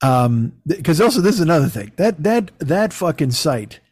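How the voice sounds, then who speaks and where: A man's voice: fairly high pitch, moderate pace, husky, no echo. A middle-aged man hosting a podcast, rambling through stories with lots of swearing. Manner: profane, rambling, animated storytelling. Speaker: podcast host. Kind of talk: casual chat.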